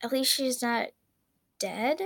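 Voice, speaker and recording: A woman's voice: high voice, brisk, no room sound, voice pushed up. A woman voicing an anxious, hurt young girl who asks worried questions in a storybook reading.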